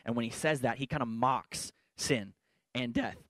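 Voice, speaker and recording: A man's voice: medium pitch, moderate pace, a bit bright, dry recording, clean studio sound. A man, a pastor, giving an earnest and emphatic sermon-style talk in a church worship center, with playful asides.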